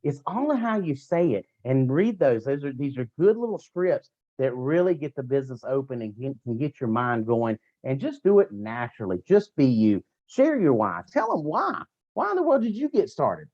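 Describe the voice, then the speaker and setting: A man giving an energetic motivational training talk to his sales team, full of repeated slogans and direct coaching. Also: medium pitch, moderate pace, muffled recording. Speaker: network marketing team trainer.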